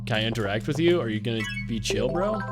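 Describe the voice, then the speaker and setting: A man's voice: medium pitch, lively intonation, fast. A man streaming a video game, rambling and swearing as he chats with viewers. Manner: rambling, profane, joking with chat. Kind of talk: casual gameplay commentary. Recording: game music loud behind voice. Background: game music.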